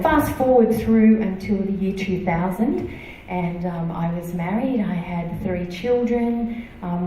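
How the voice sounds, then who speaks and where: A church member gives a halting personal testimony in an echoey church hall, full of fillers and restarts. Her voice is low and dark, recorded from a distance with a little hiss or hum.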